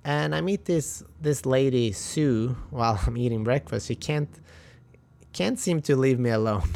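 A Swedish man with a Swedish accent hosts a podcast, telling a travel story in a casual monologue. His mid-range voice is gravelly and a little mellow, moving at a measured pace. He's chatty and motivational, restarting his sentences often.

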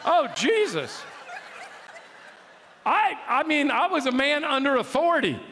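A man preaching a sermon as a pastor, telling a story in an animated, exclaiming, dramatic way. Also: extremely high pitch, unhurried. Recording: long hall reverb.

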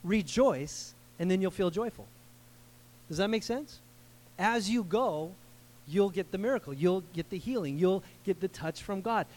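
A man preaching a casual, conversational sermon, animated and slangy, acting out the people in the story. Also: sits high. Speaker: pastor.

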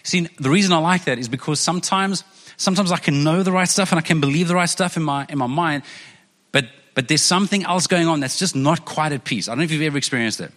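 A man's voice: on the high side, fast, a bit bright, in a large hall. A man preaching as a pastor, earnest and conversational, often repeating phrases for emphasis. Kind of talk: sermon.

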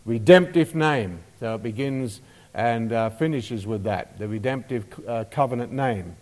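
A man's voice: medium pitch, unhurried, a little mellow. Emphatic male preacher in a hall. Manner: emphatic, stressing repeated phrases. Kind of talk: Bible teaching sermon. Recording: reverberant hall.

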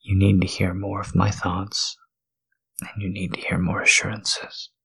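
A man in a whispered role-play, talking in a halting, tender, confessional way with a breathy, gravelly whisper. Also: deep voice, completely flat delivery, fairly bright tone. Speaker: podcast host.

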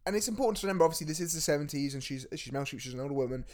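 A man co-hosting a film podcast talks in a rambling, excitable way, often stopping to restart his sentences. His voice sits a little on the high side for a man. The talk is loose, casual chat about a movie. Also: racing, a crowd in the background. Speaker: podcast co-host.

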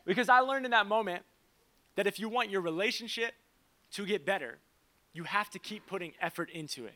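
Music plays in the background as a young pastor preaches casually, chatting through his sermon with quick asides and stories for laughs. His voice sits high.

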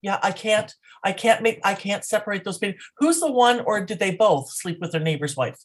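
A middle-aged woman co-hosting a podcast in casual chat, talkative and quick to laugh. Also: medium pitch, expressive. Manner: chatty, laughs often, restarts sentences. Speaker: podcast co-host.

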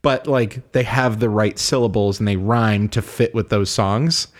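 A man with a somewhat low voice talks in a loose, rambling way. He fills his sentences with "like" and laughs often, as a podcast co-host in casual chat. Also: measured pace.

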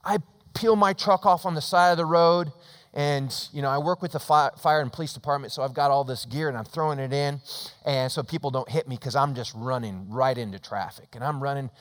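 A middle-aged man preaching in a church, his voice carried by a long, ringing reverb. He tells his story with dramatic swings, rising to loud emphasis and then falling to a hushed, close tone. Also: mid-range voice, brisk. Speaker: pastor. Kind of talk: sermon. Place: church sanctuary.

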